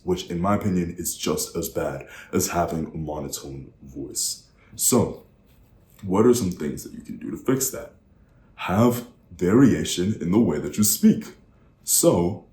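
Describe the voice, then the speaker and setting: A young man coaching public speaking, demonstrating vocal techniques and often shifting his loudness and pace. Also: low voice, roomy sound. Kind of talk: instructional talk to camera.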